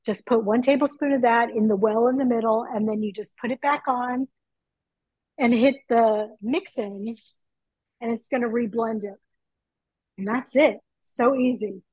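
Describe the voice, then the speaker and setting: A middle-aged woman chatting excitedly from her home kitchen over a video call, through earbuds. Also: on the high side, unhurried, slightly rough, no room sound, poor audio. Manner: chatty, excitable, laughs easily. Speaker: guest.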